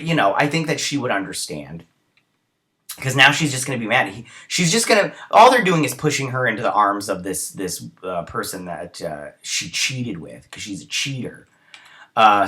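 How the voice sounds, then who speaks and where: A man's voice: on the low side, bright, forceful tone. Rambling man recapping a TV episode. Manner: rambling retelling with many fillers. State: tired early in the morning. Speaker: host reviewing a TV episode. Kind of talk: casual recap and review.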